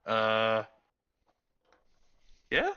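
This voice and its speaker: A man's voice: lowish voice, wildly swooping pitch, drawn-out words, bright, forceful tone, clear, resonant tone, highs cut off. A man in a tabletop game handing out jobs to the party with many fillers. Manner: organizing the party, filler-heavy. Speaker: player.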